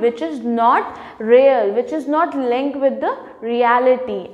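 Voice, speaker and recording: A woman teacher reading a story aloud to children in an online class, slow and careful, explaining words simply. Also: high voice, big-room sound, muffled recording.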